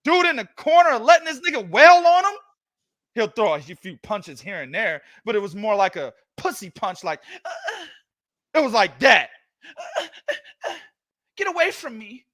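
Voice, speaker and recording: Guy ranting about boxing, super high voice, bright and cutting, swears a lot. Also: sing-song, moderate pace. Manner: profane, loud ranting. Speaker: boxing podcast host. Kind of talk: heated casual boxing commentary.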